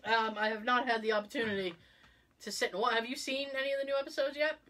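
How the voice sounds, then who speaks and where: A middle-aged woman hosting a podcast, telling stories in an animated, casual way with frequent laughs. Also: on the high side, fast talker. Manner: animated storyteller, exclaims and laughs often. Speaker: podcast host. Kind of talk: casual chat.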